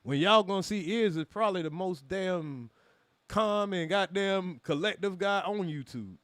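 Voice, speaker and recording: A reaction-channel host speaks a little slowly in a high-pitched, fairly bright voice with no echo. His monologue to the live chat is angry and profane, packed with rhetorical questions and jabs at specific chatters.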